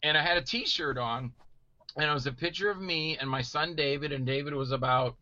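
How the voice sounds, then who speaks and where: Animated storytelling man, bright voice. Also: fairly high pitch, fairly quick, no echo, lo-fi sound. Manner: animated, acts out quoted voices loudly. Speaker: guest actor telling stories. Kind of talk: casual storytelling chat.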